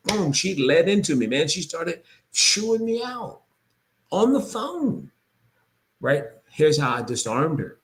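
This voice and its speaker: A man coaching real estate agents in an energetic sales pitch, repeating phrases for emphasis. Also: moderate pace.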